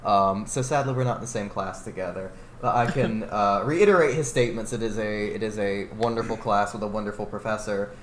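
A man's voice: on the low side, a little fast, hardly any pauses. Chatty young man in echoey room. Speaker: podcast co-host. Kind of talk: casual chat. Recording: roomy echo, faint noise.

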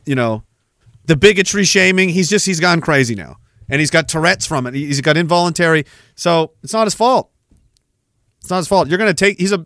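A weary man hosting a livestream, rambling and trolling as he reads out chat comments. His voice sits fairly high for a man. The sound is dry and close, with no room echo. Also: a bit bright. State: tired. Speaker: podcast host. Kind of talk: casual livestream chat, reading viewer comments.

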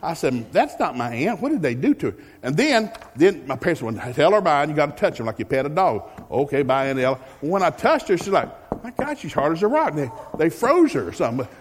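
A male pastor preaching a folksy, joking sermon with animated storytelling. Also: fairly high pitch, brisk, hardly any pauses, a little hiss or hum. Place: church sanctuary. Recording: long reverb of a large hall.

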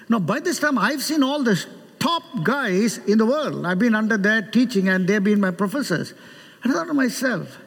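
A middle-aged Indian man, a guest preacher, delivers a sermon in a church sanctuary with a high, husky voice at normal speed. He's animated, joking with the congregation and acting out quoted voices, and the large hall adds heavy reverb.

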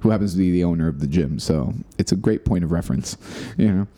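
A man with a low, mellow voice chatting casually. He tells his own workout story and keeps the talk going with quick yeahs and agreement. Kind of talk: casual chat.

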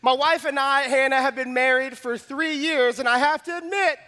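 A young male pastor tells a funny story from the pulpit in an animated, self-mocking way. His voice sits very high and sounds bright and forceful. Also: moderate pace. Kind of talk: sermon with humorous story.

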